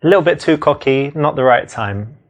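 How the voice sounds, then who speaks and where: A man's voice: on the high side, animated, fairly quick, highs cut off. A man giving frank, matter-of-fact commentary as a dating coach, explaining what went wrong. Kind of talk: instructive commentary.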